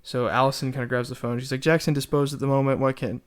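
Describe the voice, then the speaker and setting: A man's voice: mid-range voice, level tone, fast, clean tone. A man co-hosting a casual theatre podcast, filling in plot details and laughing along. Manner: chimes in to fill out the story, laughs along. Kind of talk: casual podcast discussion of a play.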